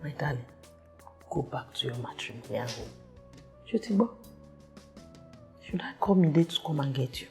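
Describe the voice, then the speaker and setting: An actress playing a pushy older Nigerian mother in a drama series, with a Nigerian accent and a loud, insistent way of talking. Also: deep voice, animated, moderate pace, pauses often, soft background music. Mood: coaxing.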